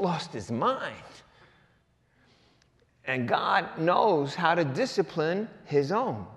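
Preaching man in a reverberant hall. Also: on the high side. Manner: emphatic preaching with repeated rhetorical questions; swings between loud and hushed delivery. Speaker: pastor. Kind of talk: sermon. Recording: long reverb of a large hall.

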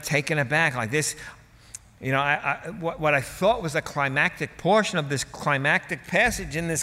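A man preaches with a slightly raised pitch, his voice carrying long reverb through a large church hall. He delivers the sermon dramatically and emphatically, dropping to hushed asides and then swelling to booming emphasis. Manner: dramatic, emphatic preaching with wide swings in loudness. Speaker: pastor.

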